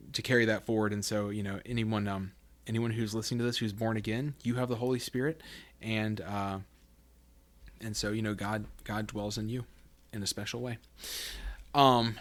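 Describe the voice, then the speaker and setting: A man hosting a podcast, teaching through Bible passages in a conversational way, thinking aloud with fillers and restarts. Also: fairly low pitch.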